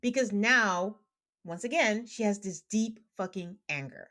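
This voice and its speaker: Woman podcast host, casual recap, animated, exasperated, medium pitch. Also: unhurried. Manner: animated, exasperated storytelling with acted quotes.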